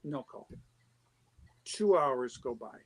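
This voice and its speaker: A man, a charity founder appearing as a guest, telling an anecdote in a casual, animated way with quick restarts. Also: mid-range voice, slightly rough, rough recording. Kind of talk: casual storytelling.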